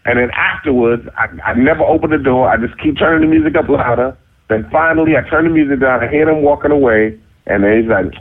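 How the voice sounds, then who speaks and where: Husky New man telling a story on a phone-like line. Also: a little fast. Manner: animated, acts out other voices in high squeaky tones; cocky, self-mocking. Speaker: interview guest. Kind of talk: casual storytelling. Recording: phone-like narrow sound.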